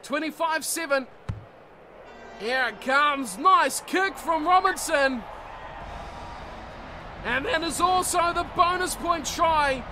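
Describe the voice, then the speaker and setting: A very high-voiced man calls rugby play-by-play for a video game. He shouts as the big plays unfold and calms down to sum them up. Loud music plays underneath his commentary. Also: takes it slowly, pauses often. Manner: surges into shouting on big plays, calmer in analysis.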